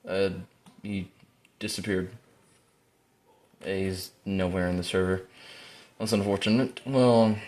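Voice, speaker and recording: A man giving casual, rambling gameplay commentary, full of fillers, breaking into excited yelps while playing. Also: deep voice, slow, long pauses. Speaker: gaming YouTuber. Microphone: phone.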